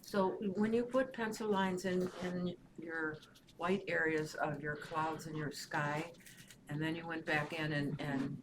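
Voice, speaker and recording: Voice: mid-range voice, steady tone, a little slow. An audience member asking the instructor plain, careful questions during a demonstration. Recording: distant voice in a noisy room.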